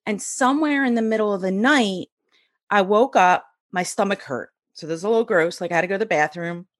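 A woman in her forties, a podcast guest, telling a personal story in a lively, animated way and acting out the voices of the people in it. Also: mid-range voice, fairly quick, no echo, studio quality. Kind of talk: storytelling in an interview.

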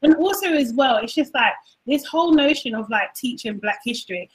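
A woman with a high voice, sounding exasperated and emphatic in a casual discussion. She hammers her points home. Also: lively intonation, fairly quick, breathy edge, low-quality recording. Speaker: podcast co-host.

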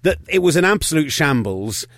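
A man's voice: a little high, very animated, a bit bright, no echo. Opinionated man, dry studio sound. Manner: opinionated, rapid-fire and wry. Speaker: podcast co-host. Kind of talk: casual sports chat.

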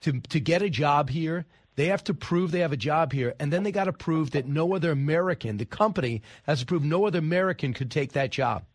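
A man's voice: on the high side, brisk, few pauses, no room sound. Emphatic middle-aged male radio host. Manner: emphatic, indignant questions. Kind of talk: talk radio interview.

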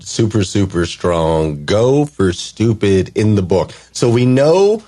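A male interview host with a fairly low, husky voice. He affirms what his guest says and strings together long questions with several parts. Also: sing-song, takes it slowly, few pauses, mellow. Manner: affirming, asks long multi-part questions. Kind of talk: conversational interview.

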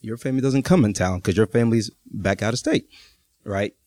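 A man's voice: lowish voice, brisk, warm tone. A man in his thirties from Texas telling a personal story to a live audience, chatty and often checking in with his listeners. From Texas, USA. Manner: conversational, keeps checking in with the audience.

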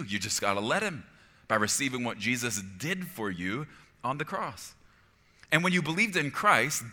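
Forceful, bright-voiced male preacher. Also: mid-range voice, long reverb tail. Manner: emphatic, conversational preaching, drops to a hushed voice. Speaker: pastor. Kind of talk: sermon.

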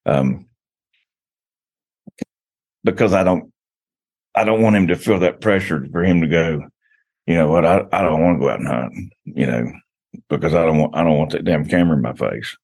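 A man's voice: very deep voice, moderate pace, gravelly, long pauses, darkish tone, slightly rough. A man, a guest on a casual podcast, telling stories in a rambling way with frequent restarts.

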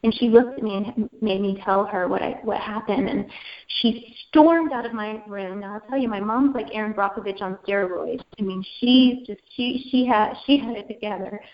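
A woman in her forties from Kansas, an interview guest telling her life story in an earnest, emotional way, often halting and repeating words. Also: medium pitch. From Kansas, USA. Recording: slightly dull audio.

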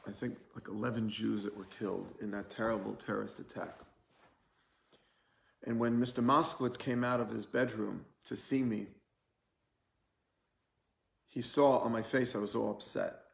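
A man's voice: on the low side, gravelly, a bit bright, echoey room. A man, a rabbi, teaching a live-streamed Torah class, telling stories and repeating key phrases for weight.

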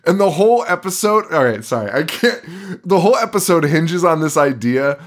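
Excitable man swearing through casual podcast chat. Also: fairly high pitch, fairly quick. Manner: swears often, laughs a lot, excitable. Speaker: podcast co-host. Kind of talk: casual chat reviewing a movie.

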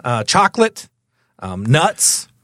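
A man trades blunt, profane wisecracks in casual podcast chat. His voice sits at a middle pitch, and the sound is dry and close-miked. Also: big pitch swings, slow, fairly bright tone, no room sound. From Southern United States. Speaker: podcast co-host.

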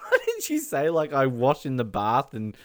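A man's voice: medium pitch, wildly swooping pitch, normal speed, dry recording. A man co-hosting a casual film commentary podcast, joking around and laughing often. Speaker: podcast co-host.

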